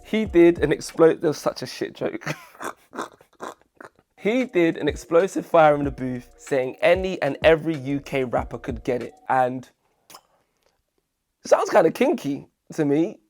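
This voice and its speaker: A man's voice: on the high side, expressive, a little slow, pauses often, darkish tone. A man hosting a casual commentary video, jokey and self-deprecating, full of chatty asides. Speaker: video essay host.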